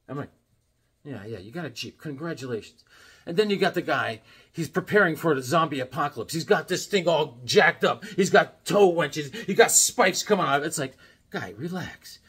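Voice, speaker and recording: Middle-aged man, slightly raised pitch, breathy husky tone, casual vlog chat, wanders into jokey anecdotes. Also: a bit bright. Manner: rambling, jokey storyteller. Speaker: comic book collector vlogger. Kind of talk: casual show-and-tell chat.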